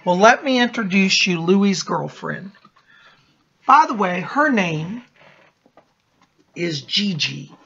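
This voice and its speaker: A man's voice: high voice, very animated, takes it slowly, creaky, pauses often, sharp tone, husky. A man hosting his psychic channel, telling a story in a chatty, theatrical vlog manner, in a dull lo-fi recording.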